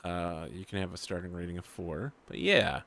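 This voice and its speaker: A man narrating a tabletop game as game master, relaxed and explaining rules with fillers. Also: sits low, moderate pace, vocal fry, dry recording.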